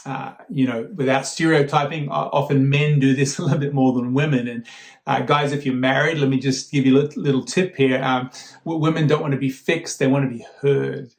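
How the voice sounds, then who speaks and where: A man giving a guest sermon in a relaxed, conversational way, often repeating words as he starts a thought. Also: mid-range voice, fairly quick, creaky, reverberant. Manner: conversational, warm storytelling with frequent fillers and repeated starts. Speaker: guest speaker.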